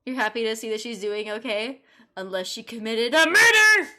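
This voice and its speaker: A woman's voice: on the high side, very animated, moderate pace, pushed and bright. A woman streamer chatting casually and swearing as she plays through a game. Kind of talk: casual game playthrough chat.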